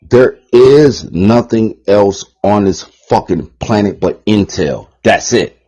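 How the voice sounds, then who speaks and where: A man's voice: on the low side, expressive, slow, warm tone, low-quality recording. A man giving a rambling, heated, profane monologue on his channel, repeating himself and swearing often. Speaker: channel host.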